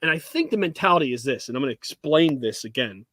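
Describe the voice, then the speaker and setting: A man's voice: medium pitch, lively intonation, fast, a bit bright, no echo. Blunt foul-mouthed man, dry sound. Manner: blunt, profane, vocal. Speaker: co-host. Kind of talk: casual podcast chat.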